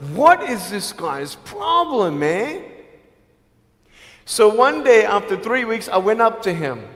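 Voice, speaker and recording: A man giving a motivational speech to students, telling stories with humor and swinging between loud and soft. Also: on the high side. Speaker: motivational speaker. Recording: long hall reverb.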